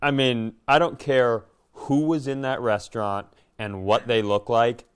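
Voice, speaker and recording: A middle-aged man co-hosts a casual podcast chat with a smooth, resonant voice. He tells a story in a loose, rambling way and swears freely as he goes. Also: medium pitch, fairly even intonation, measured pace. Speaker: podcast co-host.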